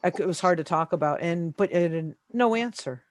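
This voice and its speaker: A woman interview guest on a video call, telling her own story in casual speech, hesitant and halting, repeating words as she searches for them. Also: fairly low pitch, dry recording, rough recording. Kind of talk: casual first-person storytelling.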